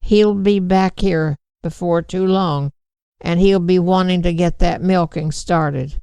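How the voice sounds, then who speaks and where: A gentle, worried farm mother speaking slowly and softly to her child, as a woman reads her part. Her voice is low and gravelly, set in a dry, close recording. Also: steady tone, no echo. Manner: gentle, soothing.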